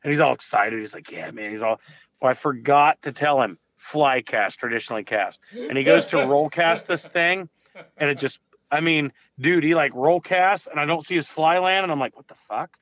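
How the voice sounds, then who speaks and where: Over dull, lo-fi call audio, a man who works as a fishing guide speaks at a fairly high pitch and normal speed. His long story rambles casually, with restarts and an occasional swear.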